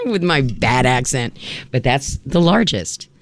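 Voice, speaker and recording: A woman hosting a radio music show in casual on-air chat, playful and quick to laugh between songs. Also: rumbling low, sing-song, no echo. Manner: chatty, laughs easily, playful asides. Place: radio studio. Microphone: studio microphone.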